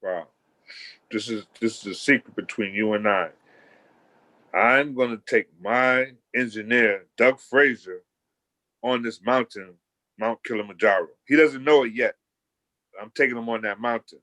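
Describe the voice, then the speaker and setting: A man's voice: mid-range voice, measured pace, long pauses, sharp tone, dry recording. A man hosting a talk show, reacting with short exclamations and chatting casually. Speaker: host.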